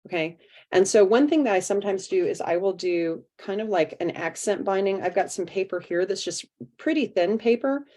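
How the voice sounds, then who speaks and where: A woman's voice: lowish voice, warm tone. A woman walking an online workshop through a craft project step by step, chatting as she works over a video call. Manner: chatty, step-by-step explaining while working. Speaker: art teacher leading a craft workshop.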